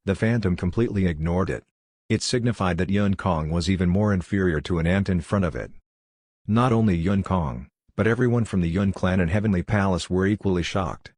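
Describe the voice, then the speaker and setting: A man with a deep, low voice reads a fantasy novel aloud at an even pace. The sound is close and dry, with no room around it. He keeps the narration measured and steady. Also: dry recording. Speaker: audiobook narrator. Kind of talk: scripted narration.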